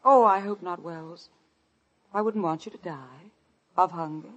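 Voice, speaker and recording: A woman's voice: fairly low pitch, unhurried, lo-fi sound, very noisy, close to an everyday voice. An actress playing a cold, scheming woman who hides a man and talks to him in a sweetly mocking tone, in 1940s radio drama style.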